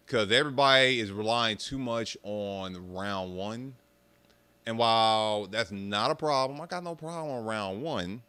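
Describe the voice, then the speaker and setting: A young man rants to his viewers with a bright, crisp voice, cursing and mocking as he goes. His delivery is animated and loose. The sound is close and dry. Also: mid-range voice, normal speed, no echo. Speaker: streamer talking about arcade rhythm games. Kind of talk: casual rant to viewers.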